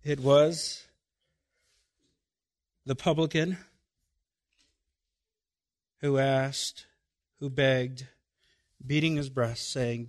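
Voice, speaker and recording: A pastor preaching a sermon, putting emphatic rhetorical questions to his congregation and dropping to quiet, slow phrases before building again. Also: medium pitch, steady tone.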